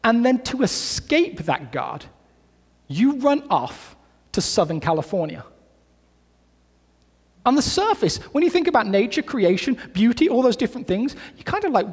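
A man preaching a sermon in a relaxed, conversational way, full of asides and restarts. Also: very high-pitched, normal speed, pauses often, slightly rough, long reverb tail. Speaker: pastor. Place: church sanctuary.

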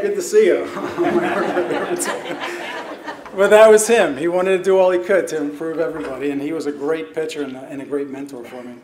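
A man's voice: on the high side, darkish tone. A middle-aged man giving a chatty, self-deprecating banquet acceptance speech as a hall of fame inductee, laughing at his own stories. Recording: roomy hall with faint noise.

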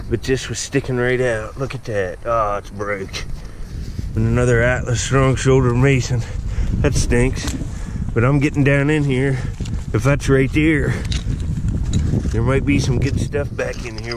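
A man's voice: medium pitch, background noise. A man with an Ohio accent, chatting casually to his pet squirrel and viewers while digging for antique bottles at an old dump. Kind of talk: casual vlog narration. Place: outdoors at an old dump site.

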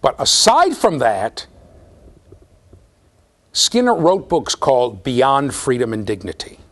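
Animated man lecturing a class. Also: medium pitch, takes it slowly. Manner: animated, checks in with students, repeats words. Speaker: university lecturer.

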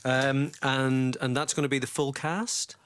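A man's voice: mid-range voice, flat delivery, a little slow, a bit bright, smooth. A man hosting a radio interview, chatting casually and teasing his guest playfully. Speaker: radio host. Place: radio studio.

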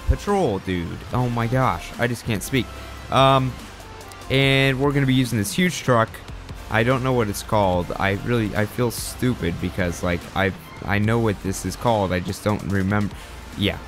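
Chatty young man, low voice. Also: a bit bright. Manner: rambling, chatty, self-deprecating. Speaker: gaming channel host. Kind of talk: casual gameplay commentary.

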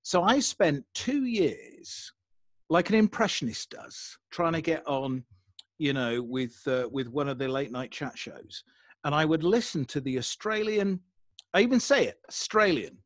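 An older man from England talks in a neutralized English accent, his voice sitting a little high. He tells his stories in an animated, chatty way. The sound is dry and close. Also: unhurried, dry recording. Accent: neutralized English, mid-Atlantic. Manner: animated storyteller, breaks into mock radio DJ voice. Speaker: podcast guest. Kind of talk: casual podcast conversation.

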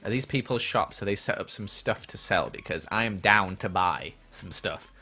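Lively young man streaming games. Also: fairly low pitch, normal speed, soft background music. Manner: chatty, reads and answers viewer questions while playing. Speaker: livestreamer. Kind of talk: casual gaming livestream chat.

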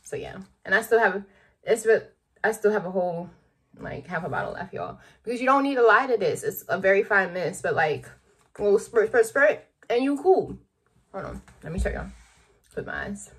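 Husky-voiced young woman vlogging casually. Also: mid-range voice, animated, normal speed, a bit bright. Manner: chatty, loose, addresses viewers as y'all. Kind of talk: casual vlog chat to camera. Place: at home, then in a car.

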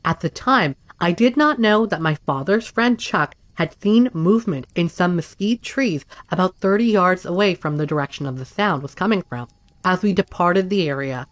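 A woman reading first-person accounts aloud in a steady, even scripted narration. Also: lowish voice, dry recording. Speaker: story narrator.

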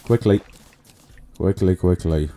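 Low, mellow-voiced man narrating his gameplay. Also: slow pace, faint music behind. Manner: muttering running commentary to himself and viewers. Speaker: gaming channel host. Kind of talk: casual let's-play commentary.

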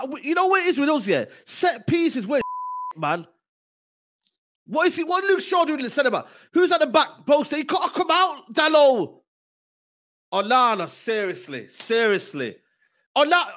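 A man with a very high, bright, animated voice reacting to a football match on stream. He talks slowly and draws his words out, bursting into shouts of joy and then groaning at the defending. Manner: shouting celebrations, slow drawn-out complaints.

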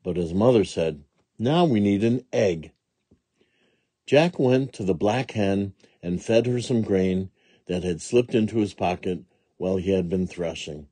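A man reading a children's storybook aloud in a slow, gentle and expressive way, with a husky voice. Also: deep voice, dry recording. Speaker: storybook reader.

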